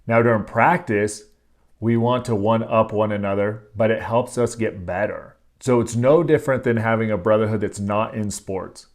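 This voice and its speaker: Blunt, profane man with a lowish voice. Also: steady tone, moderate pace. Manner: blunt and profane, with frequent filler words; emphatic and earnest, stressing key phrases. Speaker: podcast host. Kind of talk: casual motivational talk.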